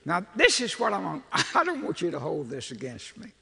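Older preacher guy telling a funny story, high bright voice, gravelly and a bit husky, big echoey church hall. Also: fairly quick. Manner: folksy, animated, chuckling storyteller. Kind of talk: humorous storytelling sermon. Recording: long reverb of a large hall.

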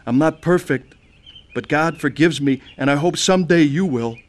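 Sincere male narrator, slightly high voice, earnest testimony. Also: normal speed. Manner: earnest, pleading. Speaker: narrator telling his own conversion story.

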